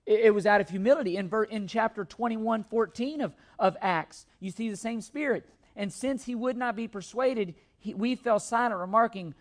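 A man preaching a sermon, reading scripture aloud and explaining it in an earnest, emphatic way, often restarting and repeating words. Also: high voice. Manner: reads scripture aloud between comments.

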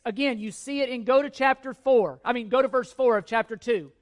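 A man's voice: very high voice, a little fast, few pauses. A man preaching a teaching sermon, earnest and emphatic, repeating key points and asking rhetorical questions of his listeners. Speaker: pastor.

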